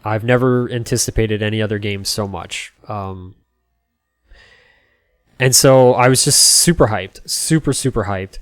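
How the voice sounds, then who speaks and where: A man's voice: on the low side, a little slow, no room sound, clean studio sound. A man in his thirties, a game streamer, telling a casual story that rambles with plenty of "you know" and "like". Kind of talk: casual storytelling while playing.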